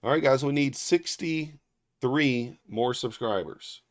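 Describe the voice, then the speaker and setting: A man's voice: medium pitch, slow pace, no room sound, clean studio sound. A man hosting a livestream, chatting casually with viewers, rambling through stories with lots of fillers and restarts and reading viewer names aloud. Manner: reads viewer names aloud and thanks them. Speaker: livestream trading host.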